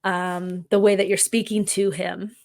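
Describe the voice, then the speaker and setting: A woman on a podcast, calmly and earnestly telling a reflective personal story. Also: medium pitch, measured pace, creaky. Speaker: podcast guest. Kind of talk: conversational podcast chat.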